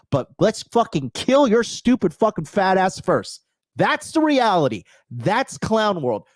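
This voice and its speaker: A man's voice: a little high, dry recording, clean studio sound. Aggressive profane man ranting. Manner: aggressive, profane, shouting and mocking. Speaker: podcast host. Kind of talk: profane commentary rant.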